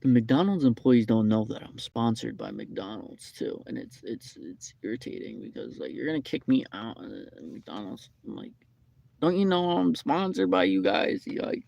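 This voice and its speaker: A man playing a gravelly, sulky real-life Sonic the Hedgehog. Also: fairly low pitch, lively intonation, normal speed, warm tone, dry recording, lo-fi sound. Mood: irritated. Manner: rambling, aggrieved, repetitive complaining. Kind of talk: improvised comedic rant.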